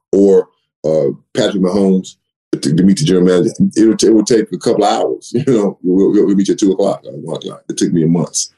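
Older man, low gravelly voice, retired athlete swapping stories in an interview. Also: low-quality recording. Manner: animated storyteller, repeats words, acts out quoted dialogue. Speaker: retired running back, interview guest. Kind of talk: conversational storytelling. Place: home office.

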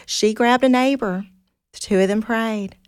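A woman's voice: a little high, clear, resonant tone, dry recording. An earnest woman guest talks about her ministry on a radio chat show. She tells her stories with energy, stopping and restarting as she goes. Her voice is recorded close and dry, with no room sound. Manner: earnest, animated storyteller with halting restarts. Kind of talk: casual radio talk.

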